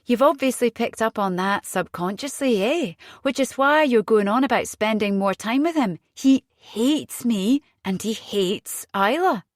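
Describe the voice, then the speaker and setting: A woman reading an audiobook voices an agitated young mother, fierce and frightened, her voice jumping high when upset. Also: expressive, unhurried, hardly any pauses, no room sound, clean studio sound.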